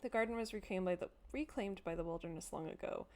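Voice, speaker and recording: A young woman streaming a story game, chatting casually with excitable, jokey, sweary asides. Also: on the low side, fast.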